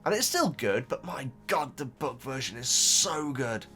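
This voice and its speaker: A man's voice: medium pitch, big pitch swings, unhurried, pushed and bright, faint music behind. A man chatting casually as a YouTube reactor, reading out viewer comments and rambling, often stumbling over repeated words. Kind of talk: casual chat.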